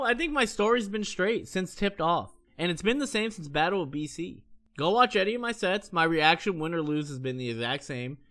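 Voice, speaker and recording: Bright-toned guy venting on stream, swears a lot, trips over his words, pitch all over the place. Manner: heated, profane, fast rambling with many restarts. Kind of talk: casual ranting chat.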